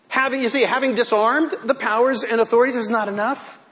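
A man's voice: extremely high pitch, steady tone, fairly quick, sharp tone. A male pastor delivering a sermon in a church, playful and theatrical, often laughing.

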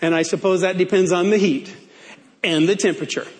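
A man's voice: sits high, steady tone, a little fast, a little hiss or hum. A male pastor preaching a sermon in a playful way, stretching key words out for emphasis.

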